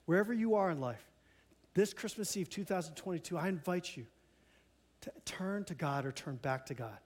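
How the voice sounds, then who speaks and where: A man's voice: on the high side, normal speed, darkish tone. A male pastor giving a sermon in a church, earnest and conversational, often restarting his sentences. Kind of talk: Christmas Eve sermon.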